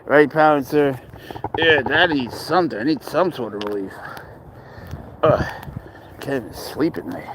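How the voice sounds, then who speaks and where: A man's voice: medium pitch, measured pace, pauses often, background noise. A young man chatting casually on a phone livestream, rambling and crude as he answers viewer comments and talks to his cat outdoors.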